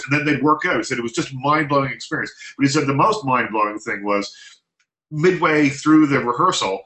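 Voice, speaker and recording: A man recounts a story in relaxed, casual talk, laughing along the way. His voice comes across bright and forceful. The sound is roomy, with a clear echo. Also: mid-range voice, fairly quick. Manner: animated anecdote telling, laughs often.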